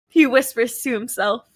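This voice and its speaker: A woman's voice: a little high, dry recording. A woman playing a tabletop game, giggly and playful. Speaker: player.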